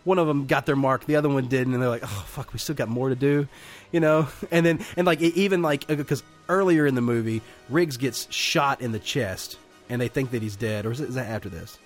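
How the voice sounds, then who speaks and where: A man co-hosting a casual movie podcast, retelling scenes with lots of swearing and loud acted-out quotes. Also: brisk, faint music behind. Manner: animated, acts out movie lines with loud high quotes, swears a lot. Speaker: podcast co-host. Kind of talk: casual movie-review chat.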